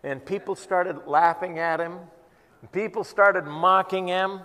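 High-voiced male pastor in a reverberant hall. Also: fairly even intonation, unhurried, bright, forceful tone. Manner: earnest, conversational storytelling. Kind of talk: sermon. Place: church worship service. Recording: long reverb in a church hall.

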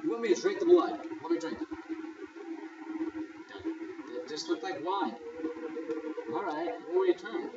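A man's voice: high voice, expressive, measured pace, long pauses. A man casually commenting while playing a game, teasing and bantering with the characters on screen. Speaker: gamer playing through a game. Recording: roomy, distant, dull and noisy.

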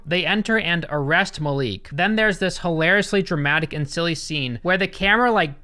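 Bright, crisp-voiced male movie commentator. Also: fairly high pitch. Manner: sarcastic, laughs between lines. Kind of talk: comedic movie recap.

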